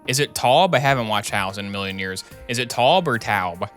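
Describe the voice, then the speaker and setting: A man's voice: medium pitch, fast, fairly bright tone, smooth, soft background music. A man streaming a game, reading its text aloud with chatty, sarcastic commentary. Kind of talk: casual gameplay commentary.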